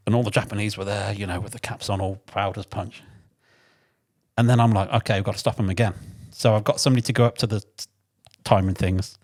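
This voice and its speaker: An English man telling lively, swear-filled anecdotes from his mechanic days in a casual podcast chat. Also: fairly low pitch, fast talker. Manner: animated anecdotes, swears freely, acts out shouted quotes.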